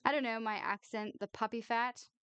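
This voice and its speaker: A reserved young woman with a dry, deadpan wit, answering flatly, read by a woman. Her voice is smooth and clear in a close, dry recording. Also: on the high side, moderate pace, no room sound, natural voice.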